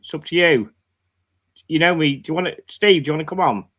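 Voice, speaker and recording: A man with a bright, forward voice hosts a casual live stream. He chats loosely, reads out viewers' greetings and thanks them one by one. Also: fairly high pitch, fast. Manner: chatty, reads chat greetings aloud. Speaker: livestream host.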